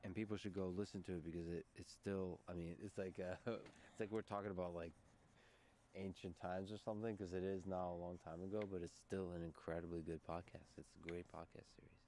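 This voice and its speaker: Deep-voiced enthusiastic interviewer. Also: male voice, level tone, brisk, warm tone, slight background noise. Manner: enthusiastic, loose questioning with fillers. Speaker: podcast interviewer. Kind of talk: conversational interview.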